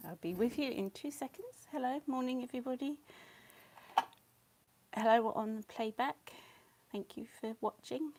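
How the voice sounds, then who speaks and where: A woman chatting casually on a live stream while she paints, scattered and quick to laugh, muttering asides to herself. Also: fairly high pitch, darkish tone, slight background noise. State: a bit out of breath.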